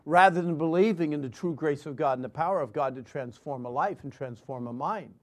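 A man preaching a sermon and telling his own story earnestly, moving between loud emphasis and hushed lines. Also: a little high, brisk. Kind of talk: sermon with personal testimony.

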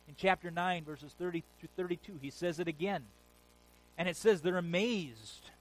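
A man preaching a sermon, retelling scripture stories in a lively, casual modern way. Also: high voice, normal speed, poor audio. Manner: animated storytelling, paraphrasing scripture in casual modern speech.

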